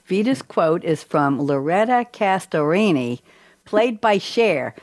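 A woman from New York hosting a talk show over a video call, chatty and lively. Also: lowish voice, dry recording. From New York, USA. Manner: lively, chatty, talks quickly. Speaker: host.

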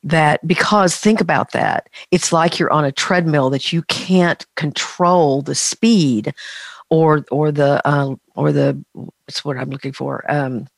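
A woman psychologist explaining in a measured, thoughtful way during a conversational interview, using clinical terms. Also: low voice, steady tone, vocal fry, no echo. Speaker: psychologist guest.

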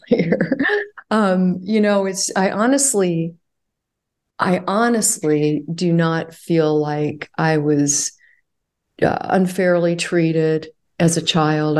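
A woman with a low voice talks through her past as a podcast guest. She speaks reflectively, pausing and restarting, with fillers and light laughter. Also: darkish tone. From California. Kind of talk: conversational interview.

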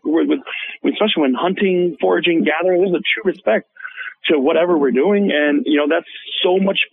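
A Hmong American chef appears as a guest on a radio show, calling in by phone line and telling stories in a lively, casual interview style packed with fillers and acted-out quotes. His male voice is on the high side, fairly quick, and creaky.

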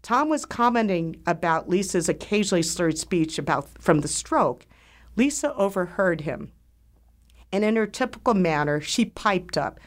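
Earnest woman host, low voice. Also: lively intonation, normal speed. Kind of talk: scripted monologue.

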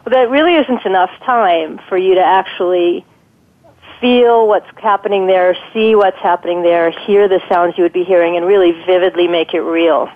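A woman guest expert giving thoughtful, explanatory advice in an interview, pausing often with ums. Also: on the low side. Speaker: guest expert on guided imagery. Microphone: telephone. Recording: tinny phone line.

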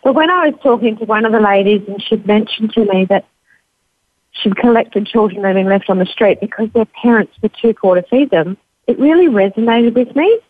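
A woman's voice: medium pitch, a little fast, no echo. A woman in her fifties with an Australian accent, a grandmother and charity founder, answering interview questions as she tells a long story and quotes others in a lifted voice. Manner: warm anecdotal storytelling, quoting others with lifted voice. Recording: dry tinny phone line.

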